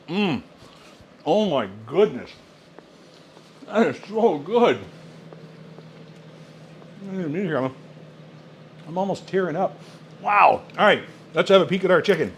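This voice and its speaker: A man's voice: medium pitch, a little hiss or hum. Man demoing a cooker with gusto. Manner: enthusiastic, exclaiming over food. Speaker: product demonstrator. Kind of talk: cooking product demo.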